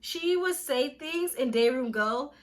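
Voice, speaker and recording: A woman's voice: sits high, lively intonation, takes it slowly, a little hiss or hum. A young woman telling a personal story on a casual vlog, candid and emphatic, with slang and restarts when emotional. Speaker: vlogger.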